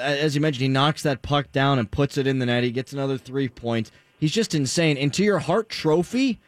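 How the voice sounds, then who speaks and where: A man's voice: on the high side, no echo. A man hosting a sports radio talk show. He talks plainly and likes to joke with his guest. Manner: joking, plain-spoken.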